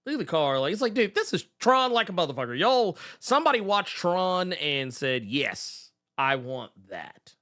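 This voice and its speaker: Animated, bright-voiced man riffing on a stream. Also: high-pitched, brisk, few pauses. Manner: exclamatory, profane, laughing often. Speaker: show host. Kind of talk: casual live-stream commentary.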